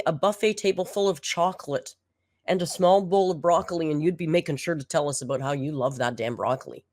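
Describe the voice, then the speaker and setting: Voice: mid-range voice, dry recording, clean studio sound. A commentary host reacting to a food video, sarcastic, exasperated and blunt.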